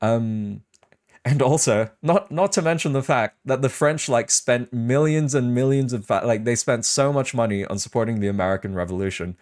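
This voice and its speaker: A man's voice: medium pitch, moderate pace, darkish tone. A young man hosting a casual livestream podcast, rambling and arguing his points with many fillers and restarts. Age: young adult. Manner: rambling, filler-heavy, argumentative. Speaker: podcast host.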